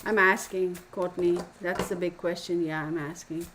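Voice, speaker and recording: This tarot host from Texas has a voice on the low side, fairly even in intonation and normal in speed, and she gives her viewers casual, opinionated chatter, often calling them y'all. Background noise fills the home room, where a neighbor's dog barks beyond the open window.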